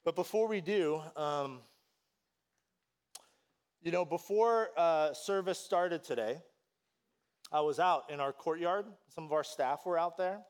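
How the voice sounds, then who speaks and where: A man preaching a sermon as pastor, telling a story with lively, animated delivery and acting out voices. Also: a little high, a little slow, pauses often, smooth.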